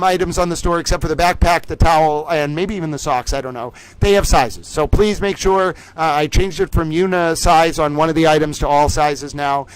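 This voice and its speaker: A man's voice: a little high, clear, resonant tone, no echo, low-quality recording. A man hosting a livestream in a playful, theatrical showman manner, chatting to viewers. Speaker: livestream host. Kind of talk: animated livestream chat.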